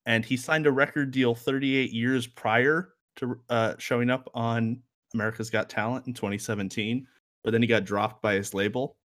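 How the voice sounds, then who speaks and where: A man's voice: medium pitch, steady tone, moderate pace, a bit bright. A man co-hosting a casual music review chat, rambling with lots of fillers and a wry, joking edge. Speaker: music podcast co-host.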